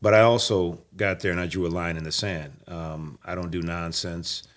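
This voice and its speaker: Deep-voiced laid-back man telling stories. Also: fairly even intonation, normal speed. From Nebraska, USA. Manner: emphatic, laid-back storyteller. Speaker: actor and guest. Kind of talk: casual interview storytelling.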